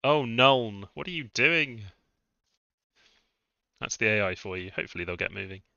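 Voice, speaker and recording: A man's voice: on the low side, animated, normal speed, creaky, bright, forceful tone, no echo. Man, live gameplay commentary, thinking aloud, dull lo-fi sound, dry close mic. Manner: thinking aloud, musing over moves. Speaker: streamer.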